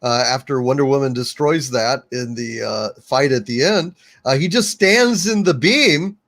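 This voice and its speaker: A man's voice: mid-range voice, measured pace, a bit bright. A man co-hosting a casual podcast movie review, talking in a sarcastic, mocking way. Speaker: show co-host.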